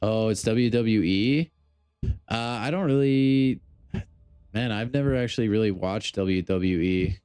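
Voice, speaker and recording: A man's voice: fairly low pitch, measured pace, a little mellow, smooth, no room sound, clean studio sound. A man chatting casually on a gaming live stream, joking and talking straight to his chat. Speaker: game streamer.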